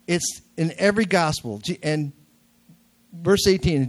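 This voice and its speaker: An older man delivers a sermon in a nasal, slightly high voice. He keeps it conversational, with jokes, and hammers key words through repetition. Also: a little slow, pauses often. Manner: conversational, jokey, repeats key words for emphasis. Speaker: preacher. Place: church sanctuary.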